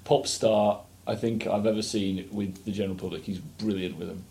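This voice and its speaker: A man's voice: lowish voice, steady tone, normal speed, creaky, dark tone. Chuckling man chiming in on a podcast. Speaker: podcast co-host. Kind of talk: casual chat.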